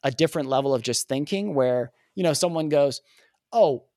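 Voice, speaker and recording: A man guesting on a podcast, telling a personal story in an earnest, animated way and acting out the dialogue. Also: mid-range voice, brisk, no echo, clean studio sound. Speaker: podcast guest, communication coach.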